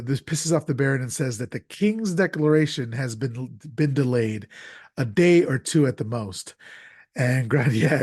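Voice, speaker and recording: A man's voice: mid-range voice, darkish tone, no room sound. Man recapping a film, dry close mic. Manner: recaps plot with frequent fillers and restarts. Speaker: podcast host. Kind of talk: casual podcast film discussion.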